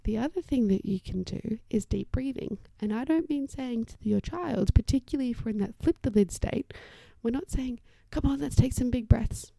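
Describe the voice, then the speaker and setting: A young adult woman hosting a solo podcast as an occupational therapist, chatty and reassuring, often dropping to a soft whisper as she explains parenting strategies. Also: a little high, lively intonation, normal speed, creaky, few pauses, no room sound.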